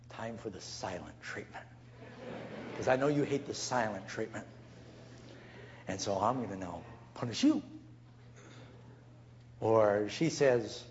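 A man's voice: mid-range voice, unhurried, pauses often, darkish tone, muffled recording, slight background noise. A man preaching as a pastor, telling stories and acting out the people he quotes. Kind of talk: sermon.

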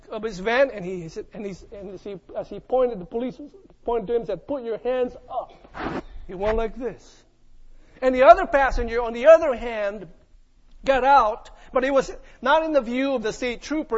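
A man's voice: very high-pitched, highs cut off. A man preaching a sermon as pastor, asking the congregation questions and retelling events dramatically.

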